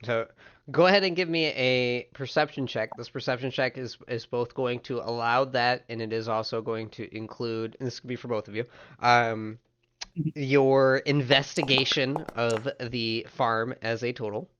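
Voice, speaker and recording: Halting bright-voiced game master, a man. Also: medium pitch, fairly even intonation, lo-fi sound. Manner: halting, many fillers and restarts. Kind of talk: narrating a tabletop game.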